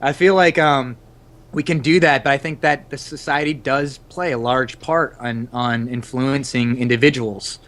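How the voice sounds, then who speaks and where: Halting young man chatting on a call. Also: mid-range voice, fairly even intonation, a bit bright. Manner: halting, thinks aloud with many "you know" and restarts. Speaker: podcast co-host, father of two. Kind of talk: casual group chat over a voice call. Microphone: computer mic on an online call.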